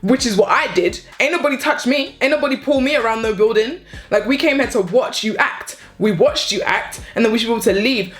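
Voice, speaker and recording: A woman's voice: a little high, fairly quick, hardly any pauses. A young woman, telling a story time vlog with repeated rhetorical questions. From born in the UK, raised in New Jersey and Florida. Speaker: vlogger. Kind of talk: story time, casual chat.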